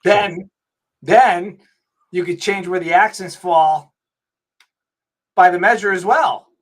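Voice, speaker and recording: A man's voice: high voice, takes it slowly. A man hosting a livestream interview, chiming in with playful asides. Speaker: host.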